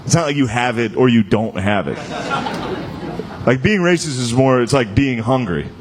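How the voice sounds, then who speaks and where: A man's voice: medium pitch, expressive, moderate pace. A man doing stand-up in a casual, musing way. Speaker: stand-up comedian. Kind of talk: stand-up set. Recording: loud crowd and noise.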